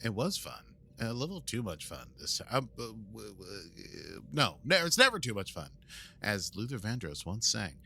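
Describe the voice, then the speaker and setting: Playful, lively-voiced American man. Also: lowish voice, moderate pace, vocal fry, a little hiss or hum. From United States. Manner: playful, drops into silly voices and accents. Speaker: podcast co-host. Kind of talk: casual chat.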